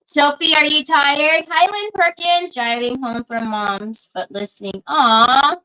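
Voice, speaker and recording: On a livestream with dull, lo-fi sound, a middle-aged woman crafts while casually chatting and calling out viewers by name. She speaks slowly in a high voice that sounds pushed and bright.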